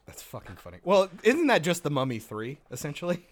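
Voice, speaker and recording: A man chatting casually on a podcast over a call, animated and profane, laughing often. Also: on the high side, a little fast. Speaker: podcast co-host.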